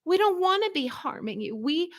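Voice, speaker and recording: Tearful tiny ear crystals. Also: female voice, very high voice, big pitch swings, normal speed, a bit bright, pitched above the performer's own voice, full character voice. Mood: apologetic. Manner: tearful, pleading, apologetic. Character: tiny apologetic crystals in a woman's inner ear.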